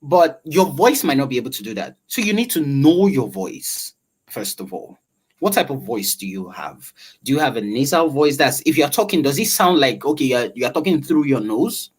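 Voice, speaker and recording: A man, a voice-over artist, explaining voice training in an interview with a velvety, animated delivery and frequent questions to the listener. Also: medium pitch, moderate pace, slightly rough.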